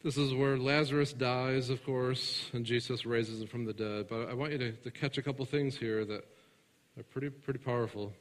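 A man preaching a sermon, alternating between loud emphatic passages and hushed, soft ones, and putting questions to his congregation that he answers himself. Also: mid-range voice, fairly even intonation, normal speed. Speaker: pastor. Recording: reverberant large room.

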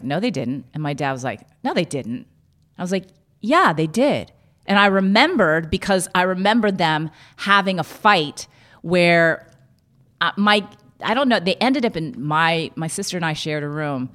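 Guest, woman, lower-pitched, halting personal storytelling. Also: fairly bright tone. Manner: halting, with many restarts and filler.

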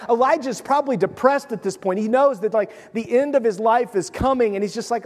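A man's voice: very high-pitched, brisk, hardly any pauses, long reverb tail. A man preaching a sermon, retelling scripture in a casual, conversational way with voiced asides. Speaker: pastor.

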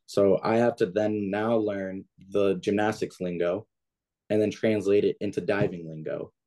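A man's voice: deep voice, dark tone. A young man, a diving coach, talking casually as a podcast guest, plain-spoken with lots of "like" and "kinda". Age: young adult. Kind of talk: podcast interview.

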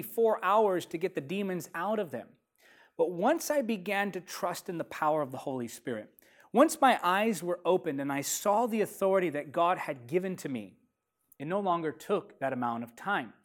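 An emphatic preacher delivering a sermon in a steady, rhythmic cadence. Phrases are repeated for effect, and the pace drops sharply whenever a key point lands. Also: medium pitch. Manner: slows down sharply to stress key lines.

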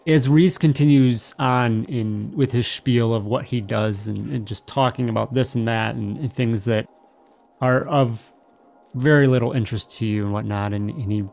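A man narrating as game master in a relaxed, hesitant way with many fillers. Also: medium pitch, moderate pace, gravelly.

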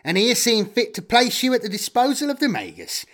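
A man's voice: very high-pitched, huge pitch swings, fairly quick, fairly bright tone, voice pushed up, exaggerated voice. A man voicing a greedy, sneering male data trader who talks smugly. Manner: smug, sardonic.

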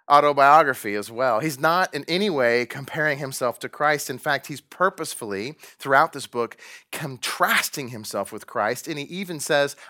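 A man preaching a sermon, acting out the quoted lines and swinging between loud and hushed delivery. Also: a little high. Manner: dramatic, acts out quotes, varies loudness widely. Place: room with a painting behind him.

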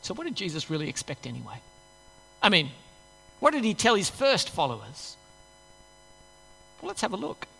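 A man's voice: sits high, wildly swooping pitch, moderate pace, vocal fry, pauses often, pushed and bright, slight background noise. A man preaching a conversational sermon, asking rhetorical questions and acting out people's inner voices. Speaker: pastor. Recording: long hall reverb.

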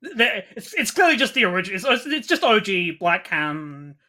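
A woman co-hosting a casual chat, quick and sarcastic, with frequent laughs and restarts. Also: medium pitch, sing-song, pushed and bright. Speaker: podcast co-host.

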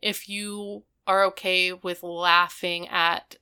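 A woman co-hosting a laid-back recap chat, her voice bright and forward with a clean, crisp finish. She keeps retelling scenes in a loose, chatty way, scattering "like" through every sentence. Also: fairly low pitch, flat delivery, takes it slowly. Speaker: podcast co-host. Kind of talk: casual episode recap chat.

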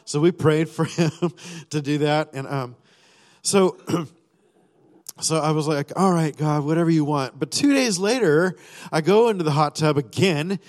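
A man's voice: a little high, unhurried, a little mellow. A man sharing a personal testimony during a sermon, rambling with many fillers and restarts, and acting out his own thoughts and prayers. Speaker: church speaker sharing a testimony. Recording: long reverb of a large hall.

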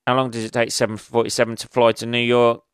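A man's voice: mid-range voice, completely flat delivery, quick pace, clean tone, no room sound, clean studio sound. A man hosting a solo comedy podcast, rambling and swearing as he thinks aloud. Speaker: podcast host.

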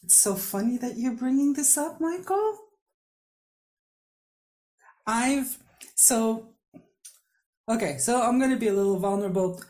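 A woman's voice: a little high, normal speed. A woman hosting a podcast interview, telling a personal story openly, often laughing as she speaks. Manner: open, laughing, animated storytelling. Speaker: podcast host. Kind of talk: candid conversational interview.

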